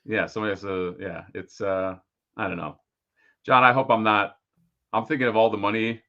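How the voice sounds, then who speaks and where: A man in casual podcast chat, animated and laughing, often acting out other people's voices. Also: lowish voice, moderate pace, muffled recording. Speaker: co-host.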